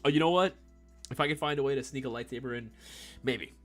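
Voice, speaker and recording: A man's voice: medium pitch, fast, a bit bright, soft background music. A man in his thirties chatting casually on a live stream, reading the chat, laughing often and calling people "bro" and "dude.".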